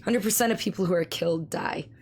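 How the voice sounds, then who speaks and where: Woman, hoarse from laryngitis, rough gravelly voice, casual stream chat, slow careful speech, reads chat aloud. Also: lowish voice. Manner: speaks slowly and carefully to spare her voice; reads viewer messages aloud and answers them.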